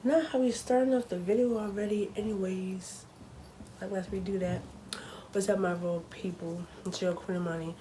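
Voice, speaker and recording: A woman's voice: medium pitch, fairly even intonation, moderate pace, mellow, a little hiss or hum, poor audio. A young woman talking casually to her camera at home, chatty and full of fillers, openly nervous. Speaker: vlogger.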